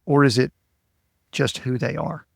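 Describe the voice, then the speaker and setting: A man's voice: mid-range voice, steady tone, unhurried, vocal fry, no room sound, studio quality. A man who hosts a podcast and works as a coach, asking reflective, probing questions in a conversational interview.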